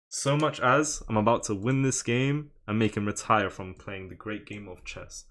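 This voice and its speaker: A young man streaming chess live, chatting with viewers in a fairly low voice. He jokes, brags and answers chat questions as he plays. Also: normal speed, hardly any pauses, a bit bright. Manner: joking, boastful, reads out chat.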